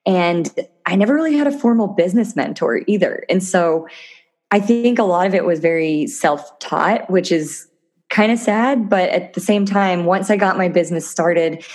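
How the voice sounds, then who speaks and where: A woman's voice: fairly low pitch, animated, normal speed, darkish tone. A woman talking as a podcast guest in a casual interview, chatty and enthusiastic, often laughing. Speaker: podcast guest, physical therapist turned entrepreneur.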